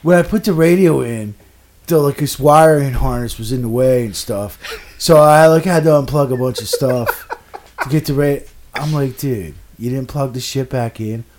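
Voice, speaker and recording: A man telling an exasperated, profane story in a casual chat, swinging between low mutters and loud outbursts. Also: moderate pace, slight background noise.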